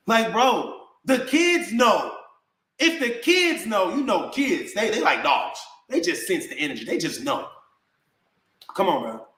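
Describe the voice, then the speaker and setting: A man's voice: high-pitched, sing-song, a little slow, bright, forceful tone. A man in a heated, confrontational rant to camera, answering his critics in slangy talk and calling people "bro" again and again. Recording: echoey room.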